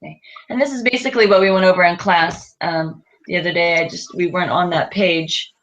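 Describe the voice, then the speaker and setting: A woman's voice: on the low side, steady tone, brisk, fairly bright tone, slight background noise. Woman teaching a Spanish class. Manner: patient, prompting with questions, many fillers. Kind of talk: classroom lesson going over exercises.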